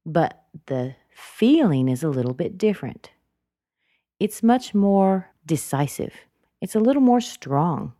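A woman's voice: low-pitched, mellow, no echo, studio quality. A woman teaching English pronunciation, explaining patiently and repeating words to show how the intonation rises and falls. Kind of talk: slow explanatory lesson.

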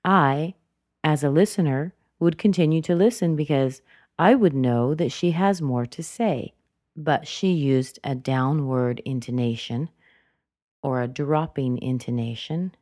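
A woman teaching English intonation in a clear, deliberate way, modeling each phrase for learners to repeat. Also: deep voice, lively intonation, warm tone, no echo, clean studio sound. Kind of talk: spoken lesson.

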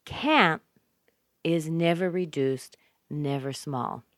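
Slow, low-voiced woman teaching pronunciation. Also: lively intonation, a little mellow, no echo, studio quality. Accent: North American. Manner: slow, deliberate, repeats example phrases with exaggerated stress. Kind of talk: scripted pronunciation lesson.

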